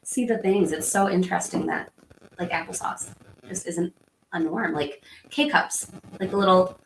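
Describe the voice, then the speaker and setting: A woman's voice: lowish voice, measured pace. A woman in her thirties hosting a livestream, chatting casually and rambling as she answers viewer comments. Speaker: livestream host. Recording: echoey room with faint background hum.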